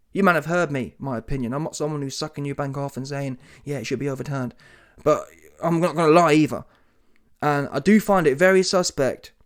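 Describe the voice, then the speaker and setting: A man's voice: fairly high pitch, smooth. A British man, talking solo about boxing in a combative, mocking, slangy rant. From Britain. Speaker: boxing commentator.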